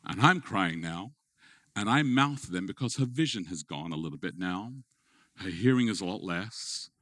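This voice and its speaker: Bright-voiced man preaching a personal story. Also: deep voice, moderate pace, dry recording, clean studio sound. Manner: swings from playful and animated to quiet and hushed. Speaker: pastor. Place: event hall with an audience.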